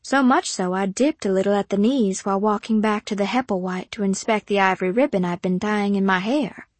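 A woman's voice: medium pitch, fairly quick, no room sound. A woman narrating a first-person audiobook in a poised, careful manner.

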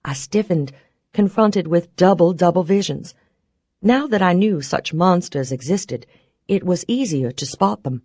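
A woman narrating a first-person story in a wry, expressive way. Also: lowish voice, unhurried, no echo, clean studio sound. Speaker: audiobook narrator.

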